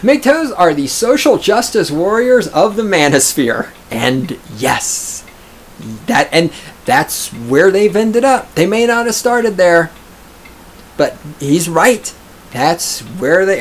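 A profane, sarcastic man reads an article and reacts to it in casual commentary, mocking others with raised, mimicking voices. He speaks slowly in a slightly high, sing-song voice, with a little background noise.

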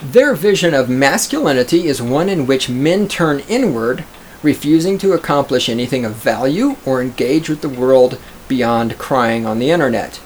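A man's voice: mid-range voice, lively intonation, moderate pace, a little hiss or hum. A man reading an article aloud and reacting to it in casual commentary, profane and sarcastic, often mocking others in a raised put-on voice.

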